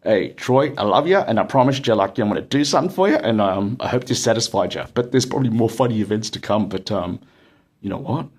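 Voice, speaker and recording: A man's voice: on the low side, animated, fast talker, darkish tone, husky. An Australian man telling a casual, rambling anecdote full of fillers and bursts of laughter. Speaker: storyteller.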